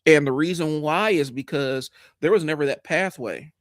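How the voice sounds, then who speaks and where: A man's voice: fairly high pitch, normal speed, no room sound, clean studio sound. A man with a head cold hosting a live stream, talking frankly in a rambling way, with fillers, restarts and the odd swear. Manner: frank, rambling with many fillers and restarts, greets chat viewers; swears when angry. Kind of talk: casual live stream monologue.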